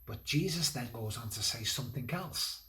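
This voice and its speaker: A man in a church role, telling a Bible story to children at a school assembly in a gentle, conversational way with pauses and fillers. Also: mid-range voice. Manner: lively, building energy toward the climax of the story.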